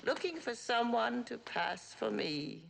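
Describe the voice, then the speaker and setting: A woman's voice: fairly high pitch, sing-song, measured pace, gravelly, heavily acted. An actress playing a domineering, dying wealthy old mother in a 1960s TV drama, with a cutting, theatrical manner. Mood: wistful. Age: older.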